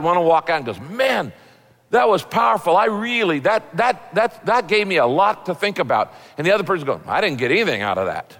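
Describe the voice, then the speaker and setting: A man preaching in a relaxed, conversational sermon, his voice a touch higher than most men's. He acts out quick bits of everyday speech as he teaches. The sound rings with the long reverb of a large church hall. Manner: conversational, folksy, acts out quoted people. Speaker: pastor.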